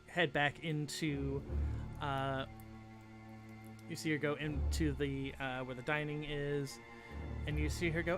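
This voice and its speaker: A man's voice: on the high side, flat delivery, takes it slowly, pauses often, over music. A man narrating as game master of a tabletop game in a casual, rambling way with many fillers.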